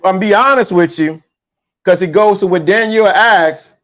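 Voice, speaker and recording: A man's voice: high-pitched, normal speed, fairly bright tone. A man hosting a casual live-stream talk, speaking bluntly and frankly in slang, often restarting his sentences. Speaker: host.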